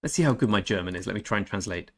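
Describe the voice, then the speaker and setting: Chatty streamer man, low voice. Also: expressive. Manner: chatty, reads out and answers viewer chat, halting German attempts. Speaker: gaming streamer. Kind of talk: casual live-stream chat.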